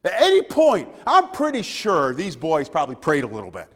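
A man, preaching a sermon to a church, swinging between loud preaching and hushed, quiet lines. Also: fairly high pitch, huge pitch swings, a little fast, in a large hall. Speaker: pastor.

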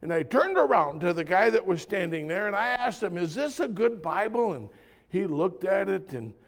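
A man voicing an anxious adult woman who haltingly asks how to get to heaven, stumbling over her words. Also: mid-range voice, expressive, long reverb tail.

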